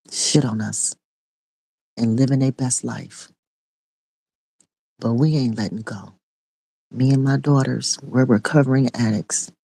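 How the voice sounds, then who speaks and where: A woman's voice: extremely low pitch, gravelly, warm tone, slightly rough, no room sound. A middle-aged woman and online preacher giving an impassioned spoken testimony in a repetitive, raw preaching cadence.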